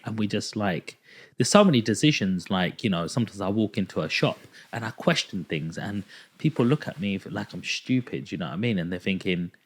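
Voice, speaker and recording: A young man chatting on a podcast, telling an animated story and acting out the dialogue in it. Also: lowish voice, brisk, husky. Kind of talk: casual podcast chat.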